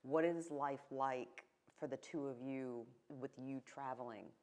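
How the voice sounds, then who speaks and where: Low-voiced woman interviewer. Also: fairly even intonation, a little slow, a little mellow. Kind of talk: casual interview.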